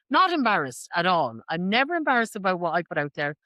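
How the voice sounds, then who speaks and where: A woman's voice: fairly low pitch, sing-song, fast talker, hardly any pauses, fairly bright tone, dry recording. A woman with an Irish accent co-hosting a podcast, talking freely and joking often. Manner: chatty, laughs a lot, jokey. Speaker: podcast co-host. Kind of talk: casual chat.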